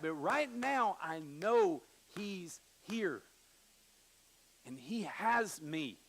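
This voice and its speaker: A middle-aged male pastor preaching a sermon, shifting between hushed scripture reading and emphatic storytelling with quoted voices. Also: sits high, low-quality recording. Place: church sanctuary.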